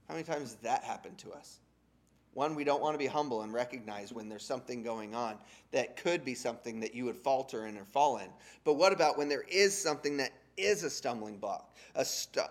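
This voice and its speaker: A man preaching a sermon, retelling scripture in a conversational, animated way with casual slang. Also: medium pitch, normal speed.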